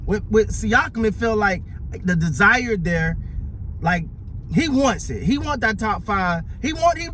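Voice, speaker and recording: A man giving casual, animated sports commentary, often stumbling over and repeating his words. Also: sits high, a little hiss or hum.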